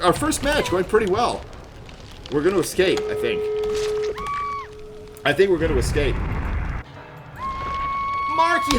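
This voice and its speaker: A man streaming a horror game live, chatting with viewers and teammates, quick to laugh and yelp in surprise. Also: high voice. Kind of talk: live gameplay commentary.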